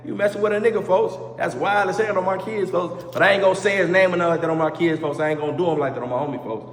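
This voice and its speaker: Guy telling a story quick, slangy, keeps saying folks, echoey room w/ reverb. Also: high voice, slight background noise. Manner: slangy, repeats street oaths and "folks" constantly; animated, acts out heated quotes. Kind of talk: casual storytime.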